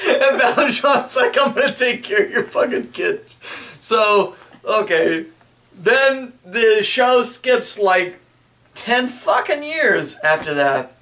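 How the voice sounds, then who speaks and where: A man's voice: sits high, fairly bright tone, recorded from a distance. A young man crudely retelling a story in casual chat, rambling and sometimes mimicking the characters.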